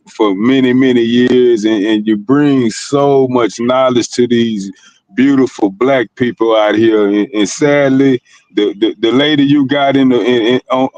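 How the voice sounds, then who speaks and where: A man speaking in as a guest on a live panel, halting and repeating words. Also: medium pitch, darkish tone, no echo, muffled recording. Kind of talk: casual live-stream chat.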